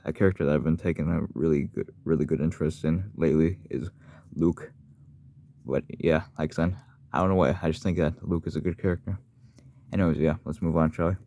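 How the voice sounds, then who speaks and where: A man's voice: deep voice, dark tone, dry recording, studio quality. A man talking casually on his channel about the characters he voices, rambling and often correcting himself. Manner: rambling, self-correcting, apologetic. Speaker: fan voice actor for his channel. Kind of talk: casual vlog monologue.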